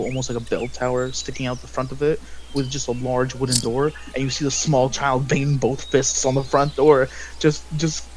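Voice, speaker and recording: A man narrates scenes as the game master, mid-pitched and plain-voiced. He stumbles, repeats words and fills pauses as he goes. Steady noise runs under the recording. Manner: halting, many restarts and fillers. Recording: noisy home recording.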